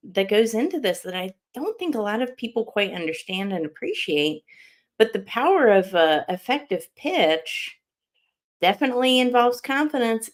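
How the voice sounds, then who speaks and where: A woman hosts an interview podcast and tells a story with a lot of life in her voice. She laughs often and acts out the lines of the people in her story. Her pitch sits in the middle of the usual range for a woman. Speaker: podcast host. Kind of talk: casual interview chat.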